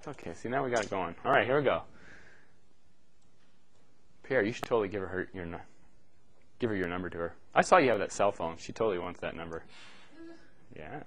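A middle-aged man lecturing a class in a relaxed, off-the-cuff way. His voice sits a little low, and he keeps checking in with "okay" and "right" as he walks through each step, dropping the odd joke along the way. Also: a little fast, long pauses. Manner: casual, joking asides, frequent "okay" and "right". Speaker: university lecturer.

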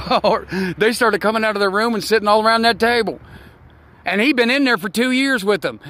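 A man in his sixties giving a rambling, preachy folksy monologue outdoors, with loud bursts. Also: high voice. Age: 60s. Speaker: online talk show host.

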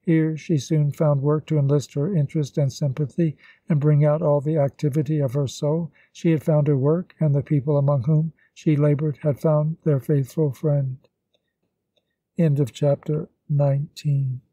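Man, audiobook narrator, steady, mellow dark tone, dry close recording. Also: a little high, moderate pace, dry recording. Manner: steady, even storytelling. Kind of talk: audiobook reading of a classic novel.

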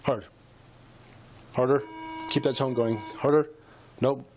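A man's voice: mid-range voice, normal speed. A male police officer at a roadside stop, patiently repeating short commands while coaching someone through a breath test. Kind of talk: giving breath-test instructions. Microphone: body camera. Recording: noisy body camera audio.

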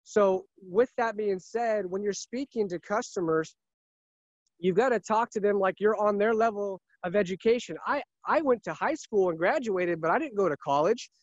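A man's voice: high voice, normal speed, no room sound, dull audio. A man who sells cars, talking earnestly and emphatically in a casual interview, often repeating himself. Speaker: car salesman.

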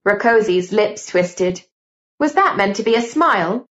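A woman's voice: medium pitch, lively intonation, unhurried, fairly bright tone. Woman narrating an audiobook, muffled sound. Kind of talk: scripted narration.

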